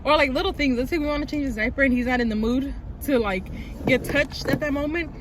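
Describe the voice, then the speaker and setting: A woman's voice: high-pitched, fast. A young woman telling stories casually on a couple's vlog, chatty and full of "like" and "um". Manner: chatty storyteller, many "like"s and "um"s. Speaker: vlogger. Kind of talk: casual chat. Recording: light background noise.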